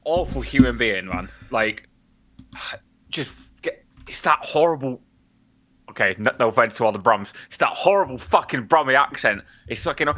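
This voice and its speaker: A man's voice: mid-range voice, animated, normal speed, sharp tone. A young man co-hosting a podcast, talking bluntly in casual chat with lots of swearing and filler words. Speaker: podcast co-host.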